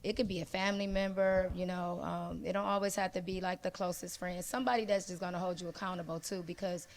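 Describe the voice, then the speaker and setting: A woman who is a guest on a panel talk, chatting casually and telling a personal story with animated energy, acting out the dialogue as she goes. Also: on the low side, quick pace.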